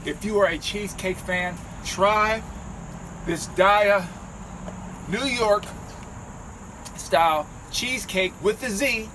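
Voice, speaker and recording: A man's voice: sits high, slow pace, pauses often. A man hosting a casual food-tasting vlog outdoors, talking in a playful, hyped-up way. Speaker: vegan food vlogger. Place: outdoors by a street. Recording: outdoor street noise.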